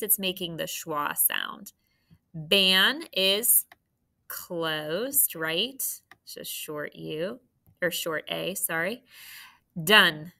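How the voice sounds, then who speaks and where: A fairly low-pitched woman with a sharp tone is teaching young third graders phonics. She keeps a slow, clear delivery and an encouraging, patient manner throughout.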